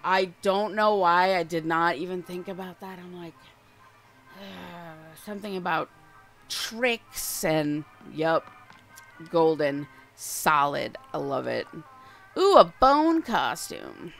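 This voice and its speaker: A woman's voice: on the low side, expressive, takes it slowly, faint music behind. A young woman livestreaming a cozy game, chatting casually and gushing affectionately at the game characters. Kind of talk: casual live-stream chat while gaming.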